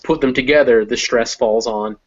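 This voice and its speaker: Male English teacher, mid pitch, explains slowly with thinking pauses; slightly dull recording. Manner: explains step by step, pausing to think with many ums. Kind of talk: conversational language lesson.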